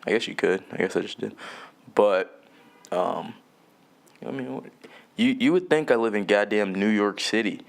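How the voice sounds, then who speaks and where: A man's voice: lowish voice, expressive, normal speed, vocal fry, pauses often. Rambling, profane young man hosting a podcast. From Jamaica. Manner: loose, profane, laughs often, trails off mid-thought. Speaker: podcast host.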